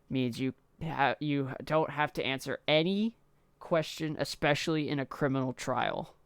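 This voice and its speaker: A man's voice: fairly high pitch, clean tone, dry recording. A young man from Canada, hosting a podcast in loose, slangy chat, swearing and laughing often. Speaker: podcast host. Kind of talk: casual chat.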